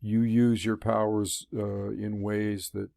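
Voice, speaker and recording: A man's voice: fairly low pitch, level tone, takes it slowly, vocal fry, dark tone, no room sound, studio quality. A man talking to the camera as a spiritual teacher, in a loose, rambling monologue full of fillers and restarts. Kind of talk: casual monologue. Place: room.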